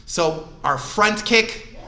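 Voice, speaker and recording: A high-voiced man coaching a karate class, his tone bright and forceful. He calls out moves with upbeat energy and shouts sharp kiai. He stands well back from the mic, in a roomy, echoing hall. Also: lively intonation, very slow. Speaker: karate instructor. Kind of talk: instructing a live online class. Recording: echoey room, voice far from the mic.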